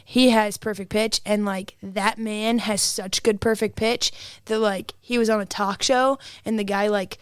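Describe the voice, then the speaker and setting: A woman's voice: medium pitch, fairly even intonation, a little slow, smooth, no echo, studio quality. A woman from Indiana, a guest co-host in a casual podcast chat, talking in an opinionated way with lots of fillers. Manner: chatty, opinionated, filler-heavy.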